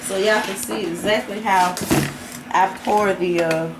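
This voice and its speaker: A woman's voice: medium pitch, fairly even intonation, a little slow. A woman walking viewers through a home recipe in an easygoing, chatty way as she cooks in her kitchen. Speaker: home cook demonstrating a recipe. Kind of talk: casual cooking tutorial. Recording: noisy kitchen with clattering dishes and pans.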